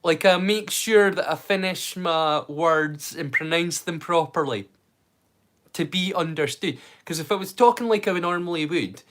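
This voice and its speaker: A man's voice: a little high, unhurried, a bit bright. A British man hosting a live watch-along stream, chatting casually in a jokey, rambling, self-mocking way to his viewers. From United Kingdom. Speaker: livestream host.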